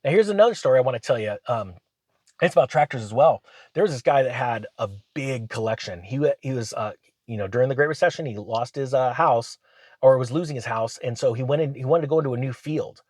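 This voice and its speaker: A man, hosting his channel and telling rambling, animated business stories in casual chat. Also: medium pitch, fast talker, no room sound. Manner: rambling, animated anecdotes with acted quotes. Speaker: channel host. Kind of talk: casual storytelling monologue.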